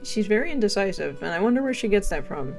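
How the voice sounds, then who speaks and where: A young woman livestreamer rambles and chats casually, packing her talk with "like" and "um" and laughing often between sentences. Her mid-range voice is very animated, fast, creaky and a little mellow, with faint game music in the background.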